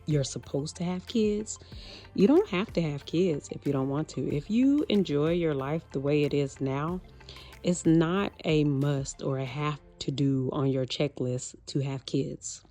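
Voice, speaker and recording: Woman commentary host, deep warm voice, casual and direct. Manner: direct, addresses viewers as y'all.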